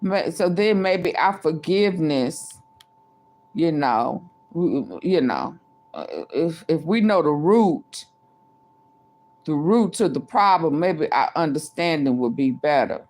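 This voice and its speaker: In a casual live stream, a woman vlogger talks to her viewers in a chatty way, often repeating herself. Her deep, darkish voice is expressive, and she takes her time.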